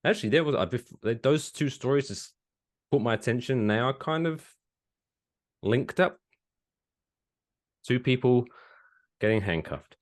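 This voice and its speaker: A man's voice: mid-range voice, unhurried, long pauses. A man co-hosting a comedy podcast, joking and playful. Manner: jokey, playful, animated. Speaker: podcast co-host. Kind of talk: casual comedy chat.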